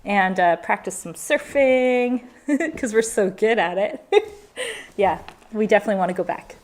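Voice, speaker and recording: A woman's voice: mid-range voice, normal speed. A woman in her forties, a travel vlogger and mother, chatting casually on a live Q&A and acting out the voices in her stories. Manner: animated storyteller, acts out quotes.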